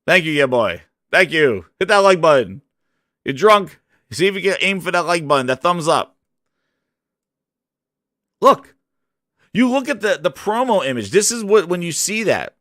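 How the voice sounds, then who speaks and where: A man's voice: sits high, moderate pace, long pauses, no room sound, studio quality. A man hosting a gaming channel, ranting in casual livestream commentary and chatting with his viewers. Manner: animated, ranting, chats with viewers.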